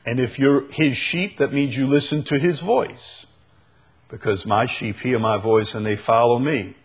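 A man preaching a sermon, slow and emphatic, repeating key phrases for weight. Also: medium pitch, breathy edge. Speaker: pastor.

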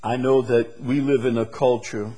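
A man's voice: mid-range voice, level tone, normal speed, mellow. A man preaching a sermon as pastor, emphatic and building his points through repeated phrases. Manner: emphatic, repetitive preaching cadence.

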